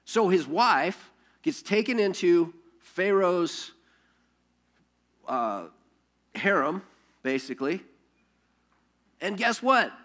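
A man preaching a sermon as pastor, telling stories in an animated way with rhetorical questions and frequent restarts. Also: high-pitched, takes it slowly, long pauses.

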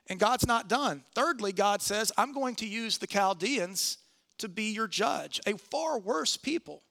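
A man preaching a sermon in church, earnest, slowing and softening on key phrases. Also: sits high, lively intonation.

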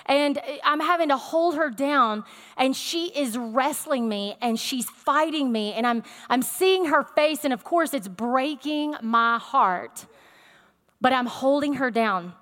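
A woman preaching a sermon, telling a personal story in a conversational, animated way with fillers. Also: high-pitched, slow pace, in a large hall.

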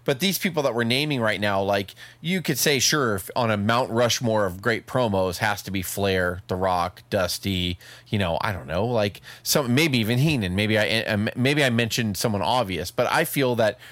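A man's voice: lowish voice, expressive, moderate pace, few pauses, fairly bright tone, no room sound. Rambling podcast host man, dry sound. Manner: rambling, restarts, playful asides. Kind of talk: casual podcast chat.

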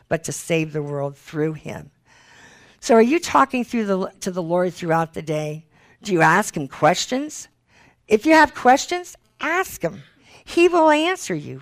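A woman preaching a sermon with personal testimony, earnest and pleading as she reads scripture aloud. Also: on the low side. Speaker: Christian speaker.

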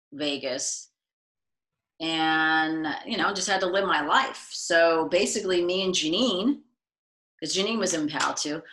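A middle-aged woman from the United States, chatting as an interview guest and telling stories, acting out quotes in lively voices. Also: sits low. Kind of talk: casual interview storytelling.

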